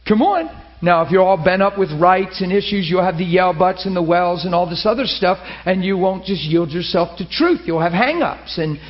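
High-voiced man preaching, lo-fi. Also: moderate pace, few pauses. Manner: animated storytelling, laughing, high excited asides. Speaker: pastor. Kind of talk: sermon.

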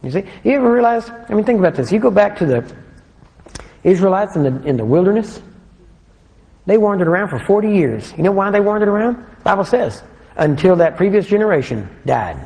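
A man delivering a sermon in a slightly raised, mellow voice. He talks in a conversational way and keeps asking his listeners questions. He slows down when he reads scripture aloud, and his words ring through a hall with long reverb. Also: sits high, lively intonation, gravelly. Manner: conversational, asks the congregation questions. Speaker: preacher.

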